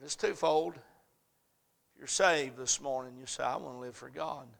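A male pastor preaching a sermon, folksy and humorous, swinging from quiet asides to shouted preaching. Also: mid-range voice, normal speed, creaky.

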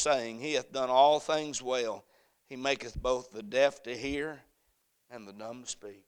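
A pastor preaching an evening sermon, rising to impassioned shouting and falling to a hushed prayer. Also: male voice, mid-range voice, steady tone, unhurried, clear, resonant tone. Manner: fervent preaching that swells to shouting, then drops to a hushed prayer.

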